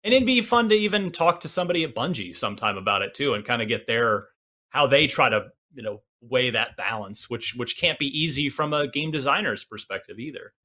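A man's voice: mid-range voice, lively intonation, brisk, bright, forceful tone. A man in his forties hosting a casual gaming podcast, rambling and self-deprecating with many restarts. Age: 40s. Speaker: podcast host.

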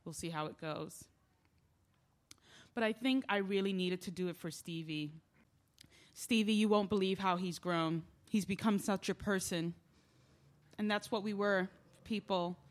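A woman's voice: mid-range voice, a little slow. A woman delivering a stage play monologue in a confiding, rambling and emotional way. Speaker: lead character in a stage play.

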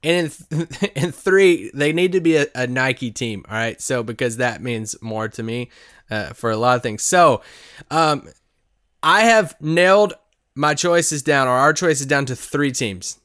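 A man's voice: medium pitch, lively intonation, unhurried, fairly bright tone, dry recording, studio quality. A man co-hosting a casual sports podcast, trading jokey, teasing banter. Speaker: podcast co-host.

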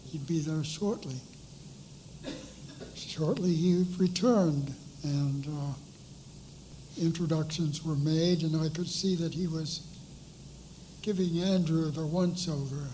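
An older man on a discussion panel, telling a story in an unhurried, measured way. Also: on the high side, mellow, slight background noise, rough recording. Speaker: panelist recalling hiring a colleague. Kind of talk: anecdotal storytelling. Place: panel discussion at an art school.

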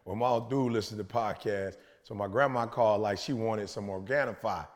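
A man's voice: on the low side, a little fast, slight background noise. A young man co-hosting a podcast, telling a story animatedly in slangy casual speech and laughing often. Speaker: podcast co-host.

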